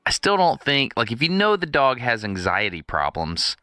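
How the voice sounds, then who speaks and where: A man's voice: mid-range voice, moderate pace, clear, resonant tone, dry recording. A man co-hosting a podcast, telling a story in casual chat, laughing a lot and acting out what people said. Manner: lively, laughs a lot, acts out quotes. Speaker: podcast co-host.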